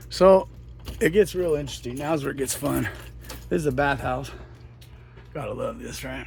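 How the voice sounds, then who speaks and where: A man's voice: medium pitch, expressive, normal speed, vocal fry, a little hiss or hum. A middle-aged man, a hotel host, retelling a Bible story in a loose, slangy, rambling way. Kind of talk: casual storytelling.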